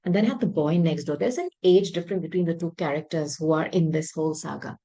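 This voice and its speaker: A woman with a low, husky voice gives a tarot reading to her viewers. She speaks emphatically and by intuition, doubling words for stress and clearing her throat now and then. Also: fast talker, dark tone, poor audio. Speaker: tarot reader.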